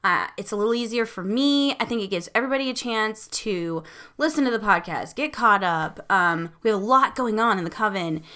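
A woman's voice: medium pitch, animated, brisk, pushed and bright. A woman hosting a podcast, talking in a casual, chatty way with lots of ums. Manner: chatty, filler-heavy, friendly. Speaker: podcast host.

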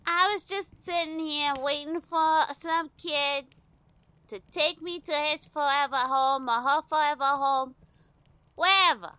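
A woman voicing a gruff, blustery male teddy bear who talks tough in a tabletop game. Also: sits high, fairly even intonation, a little slow, sharp tone, dry recording, pitched above the performer's own voice. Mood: ranting. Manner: brash, blustery.

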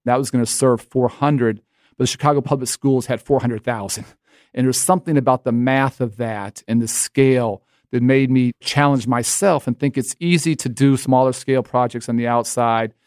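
A middle-aged man, a guest in an interview, talking in a measured, earnest way about his work in schools. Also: mid-range voice, steady tone, a little mellow, dry recording. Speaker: interview guest, education leader. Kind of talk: conversational interview.

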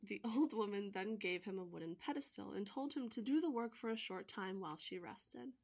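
Woman host narrating a folktale, steady read with wry asides. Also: mid-range voice, a little fast, gravelly. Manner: even storytelling read, joking asides. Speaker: podcast co-host and storyteller. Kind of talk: reading a folktale aloud with asides.

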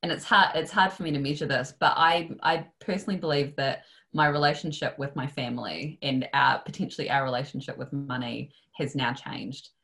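A woman's voice: extremely low pitch, fairly even intonation, brisk, gravelly, hardly any pauses, a bit bright. A woman, a coaching client, reflecting thoughtfully on her family as an interview guest.

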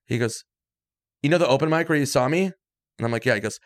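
A man's voice: mid-range voice, fairly quick, dry recording, clean studio sound. A man telling stories in a casual chat, acting out what people said. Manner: animated storyteller acting out quotes. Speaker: guest comedian. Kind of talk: casual storytelling.

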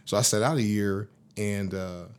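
A man's voice: on the low side, fairly even intonation, moderate pace, clean tone. A man in his fifties, a former pro football lineman, telling stories in a casual interview in a loose, slangy, profane way.

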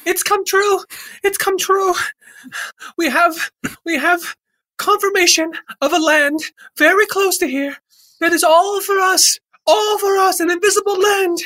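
Woman, high bright voice, excited proclaiming, comedy sketch. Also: measured pace.

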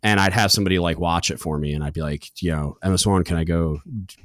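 A low-pitched man hosting a podcast, telling a long story in loose, casual chat. He jumps into the voices of the people in his story with lively swings. The sound is dry and close, with no room in it. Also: quick pace, no room sound. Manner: animated, acts out quoted voices. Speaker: podcast host.

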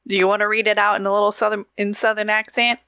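A woman co-hosting a podcast in casual chat, giggly and chatty, reading out shout-outs and promos. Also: medium pitch, flat delivery, fast talker, vocal fry, smooth, no room sound, studio quality. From Oregon, USA. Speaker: podcast co-host.

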